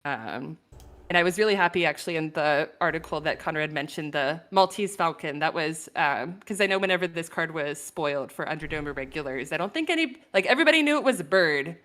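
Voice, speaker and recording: Woman guest on a casual stream, lowish voice, thoughtful, lots of ums and laughs. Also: animated, brisk, fairly bright tone. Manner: thoughtful, laughs often, many "um"s. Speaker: guest artist. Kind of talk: casual livestream chat.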